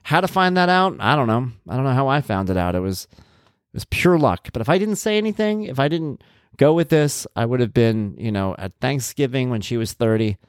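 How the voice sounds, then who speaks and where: A man in his thirties talks casually on his podcast. He jumps into a much higher voice whenever he replays his own lines. The sound is close and dry, with no room around him. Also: a little fast, clear, resonant tone, no room sound. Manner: animated, jumps to a high voice when quoting himself. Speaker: podcast host. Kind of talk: casual storytelling monologue.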